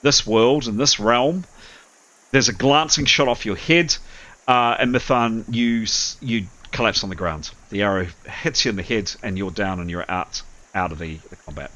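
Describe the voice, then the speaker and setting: A man narrates a tabletop role-playing session as game master, hesitating often and filling pauses. His voice is bright and forceful, and the recording sounds a little dull and lo-fi. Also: on the low side. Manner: apologetic, hesitant with many fillers.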